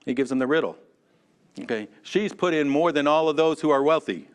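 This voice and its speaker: A man teaching a Sunday school class in a church, chatty and animated, calling on class members by name. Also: fairly high pitch, a little fast, smooth. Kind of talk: conversational sermon.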